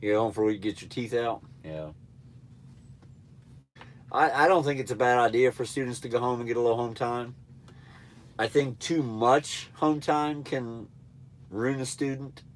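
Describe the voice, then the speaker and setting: A man's voice: medium pitch, normal speed, long pauses, a little hiss or hum. Nasal man chatting on a live stream. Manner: laid-back, rambling, blunt. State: stuffy nose. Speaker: truck driver trainer livestreaming. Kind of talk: casual live-stream chat answering viewers.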